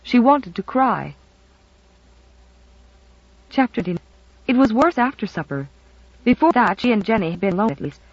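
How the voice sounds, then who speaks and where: Audiobook narrator, expressive and lively in pitch, dry, dull sound. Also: normal speed, long pauses. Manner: expressive storytelling.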